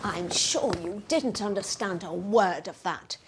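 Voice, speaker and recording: A woman's voice: mid-range voice, animated, background noise. An actress playing a snobbish, prim English lady with a Received Pronunciation accent, who talks in a haughty, precise way. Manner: haughty, precise, slow deliberate delivery. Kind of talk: scripted language-course drama.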